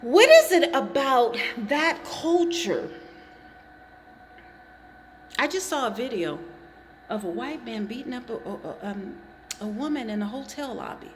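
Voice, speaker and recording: This vlogger's voice sits on the high side and sounds animated, yet she talks a little slowly with long pauses, under a long reverb tail and slight background noise. Facing the camera, she gives an impassioned monologue full of emphatic, accusatory phrasing and pointed repetition.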